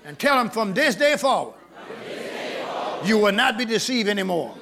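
Male preacher, high lively voice, gravelly, bright, faint congregation behind. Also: moderate pace, crowd noise, background noise. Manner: shouting, call-and-response, repeating words. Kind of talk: sermon. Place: church with congregation.

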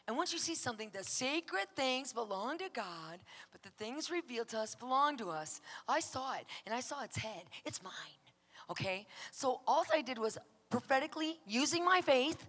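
A woman preaching, telling a story with lively acted-out dialogue that swings from whispers to shouts. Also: high voice, breathy edge, big-room sound. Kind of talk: sermon storytelling.

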